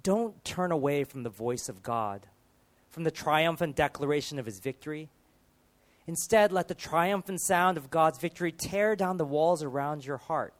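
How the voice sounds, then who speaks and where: Guy giving a sermon, kinda high voice, big questions to the crowd then goes soft. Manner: emphatic, rising and falling rhetorical questions. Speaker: preacher.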